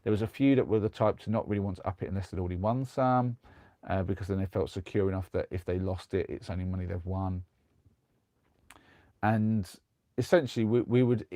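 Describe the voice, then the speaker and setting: A man's voice: low voice, warm tone, no echo, clean studio sound. A young man streaming live from a converted van, telling a rambling story with many restarts. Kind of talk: casual chat and storytelling.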